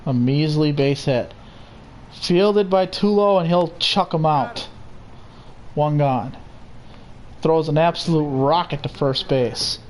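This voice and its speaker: A young man calling a baseball game play by play, steady and unhurried, with casual asides. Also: on the high side, slight background noise. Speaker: play-by-play commentator. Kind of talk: simulated baseball commentary.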